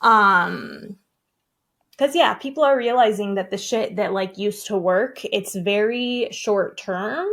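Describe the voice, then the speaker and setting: Woman, about thirty, laid-back coach, full of 'likes', middle-pitched voice. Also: takes it slowly, fairly bright tone. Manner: chatty, heavy use of 'like', casual swearing. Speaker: breathwork coach guest. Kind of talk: casual podcast chat.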